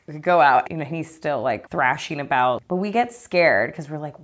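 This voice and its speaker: A young woman with a lowish voice that still swings widely in pitch, talking in a loose, chatty way. She tells a funny story packed with "like" and casual swearing and keeps breaking into laughter. It sounds like an easygoing comedic anecdote among friends. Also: expressive, normal speed. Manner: chatty, full of "like", swears freely; laughs often while telling.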